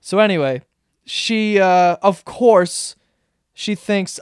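A man's voice: sits high, takes it slowly, clean tone, no room sound, studio quality. Profane young man ranting solo. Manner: profane, rambling, animated retelling. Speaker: podcast host. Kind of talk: solo comedic rant.

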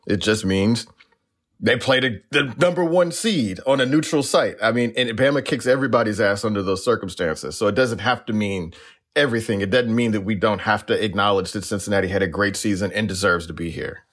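Blunt, joking man, low voice. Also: brisk, a bit bright. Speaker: podcast co-host. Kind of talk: casual sports chat.

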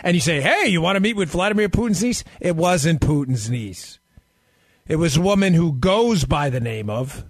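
Radio host guy, pitch way up and jumping around, argues hard, asks listeners tons of questions. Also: dry recording. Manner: animated, argumentative, fires off rhetorical questions; addresses listeners directly. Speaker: radio talk show host. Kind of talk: political talk radio monologue.

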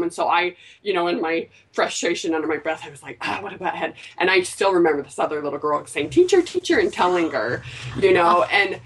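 A woman's voice: sits low, husky. A woman co-hosting a casual talk show, telling a personal story in an earnest way. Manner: earnest storytelling, animated quoted voices. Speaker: co-host. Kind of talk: casual chat. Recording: voice from a distance off the mic.

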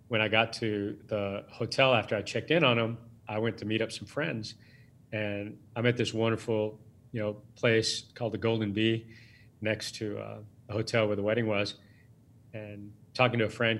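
A man's voice: fairly low pitch, a bit bright. A man speaking as a guest, telling a personal story in a reflective way, with short phrases and many fillers.

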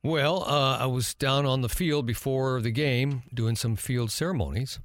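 A male radio host tells a story in easy, conversational tones. His voice sits at a middle pitch. The studio sound is dry and close. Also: unhurried, no room sound. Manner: relaxed anecdotal storyteller, acts out quoted lines. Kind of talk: casual storytelling chat.

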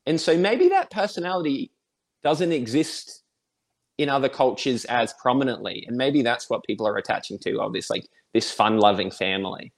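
An Australian man in his thirties, a podcast guest who thinks aloud in a relaxed, reflective way with many fillers. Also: medium pitch, normal speed, vocal fry. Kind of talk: casual conversation.

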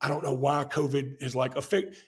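A hoarse man co-hosting a casual sports podcast, animated and laughing at himself. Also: mid-range voice, a little fast. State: hoarse from illness. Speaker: podcast co-host.

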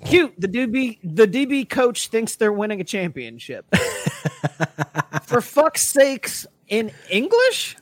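Sarcastic man with a high lively voice. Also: measured pace, no echo. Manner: sarcastic, joking, swears freely. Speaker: podcast co-host. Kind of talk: casual chat reading notes.

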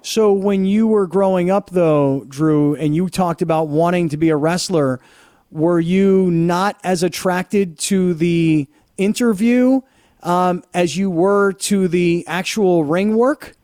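A man's voice: high voice, slow, darkish tone, no echo, studio quality. A man hosting a sports talk radio show, chatty and enthusiastic as he asks his guest questions.

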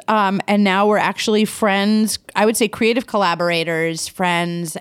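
Excitable woman host opening an interview, dry studio sound. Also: mid-range voice, smooth, dry recording. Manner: gushing, exclaiming, breathless excitement. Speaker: podcast host. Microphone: studio mic.

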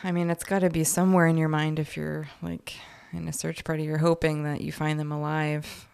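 Podcast co-host, woman: low and gravelly yet smooth, chatty true-crime storyteller, dry close sound. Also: little pitch movement, brisk, darkish tone, no room sound. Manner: chatty, says "like" often.

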